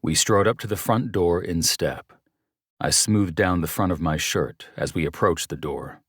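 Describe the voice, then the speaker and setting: A man narrates a romance audiobook in the first person, his voice sitting very low. His own character's lines come out terse and commanding. The recording is close and dry. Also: a little slow, fairly bright tone, slightly rough, no room sound.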